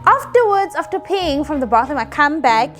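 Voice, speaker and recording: A young South African woman telling a personal story in a chatty, animated way and acting out the voices she quotes. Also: high voice, normal speed, faint music behind. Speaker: vlogger. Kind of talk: casual storytelling.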